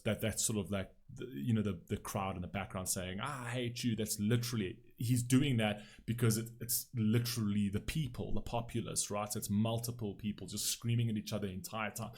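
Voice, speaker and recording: A man's voice: on the low side, darkish tone. A man hosting a music reaction video, giving blunt, emphatic commentary with frequent swearing and "right?" tags.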